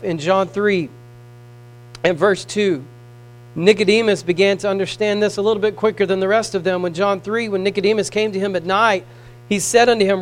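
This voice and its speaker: High-pitched preaching man with hum. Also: fairly quick, rough recording. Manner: preaching with emphatic swells and hushed drops; reads scripture in King James wording. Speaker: pastor. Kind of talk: sermon.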